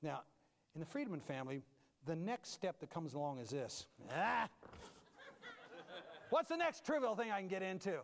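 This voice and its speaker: A man preaching a humorous sermon as a pastor, animated and self-mocking, moving from loud bursts to low asides. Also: a little fast, big-room sound, slight background noise.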